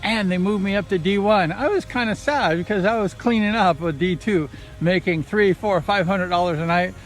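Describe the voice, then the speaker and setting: A man telling old speedway racing stories in a casual, rambling, excited way, slipping into quoted voices. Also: sits high, normal speed, faint music behind. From Southern California. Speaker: vlogger recounting racing days. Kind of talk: casual storytelling.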